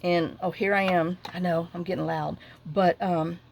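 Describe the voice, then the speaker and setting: A middle-aged woman, chatting casually as she crafts at her desk at home and rambling through a lively story with lots of asides. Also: lowish voice, normal speed, creaky, a little hiss or hum. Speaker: crafting vlogger.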